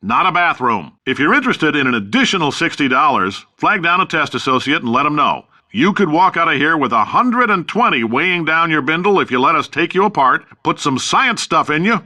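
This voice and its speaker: Loud bossy ceo guy in a game, swoops up and down, bright cutting tone. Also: on the high side, sing-song, a little fast, few pauses, exaggerated voice. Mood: sarcastic. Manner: brash, boastful, sarcastic salesman's patter. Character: brash loud middle-aged male company boss. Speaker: company founder and CEO. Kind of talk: video game voice acting.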